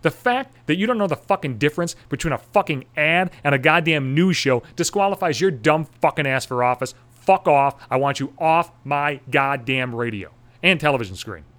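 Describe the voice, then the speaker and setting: A man's voice: on the high side, animated, moderate pace, hardly any pauses, a bit bright. Foul-mouthed man on an angry rant. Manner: angry, swearing constantly, sarcastic. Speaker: radio station worker. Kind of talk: profane ranting monologue.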